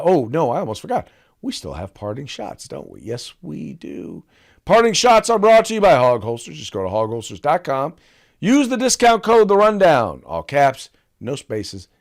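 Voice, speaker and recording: A male podcast host giving casual political commentary and sponsor reads. He talks in a loose, teasing way, full of restarts and asides. His voice sits at an ordinary middle pitch. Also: darkish tone.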